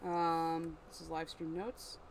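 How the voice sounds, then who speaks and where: Writer on a livestream thinking aloud, mid pitch, faint background hum. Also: level tone, takes it slowly, creaky. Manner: thinking aloud, self-correcting. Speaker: writer live-streaming story editing. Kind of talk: casual livestream chat.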